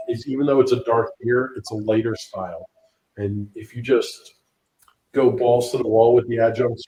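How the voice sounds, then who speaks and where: A man's voice: on the low side, darkish tone, a little hiss or hum, poor audio. A man co-hosting a podcast, giving emphatic, opinionated takes in a casual chat over beers. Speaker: podcast co-host.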